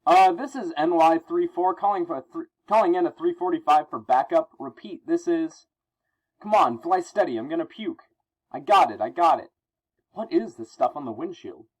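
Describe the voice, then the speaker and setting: A man's voice: on the high side, animated, moderate pace, pitched above the performer's own voice, rough recording. A man reading aloud as a nervous male helicopter pilot making flustered radio calls.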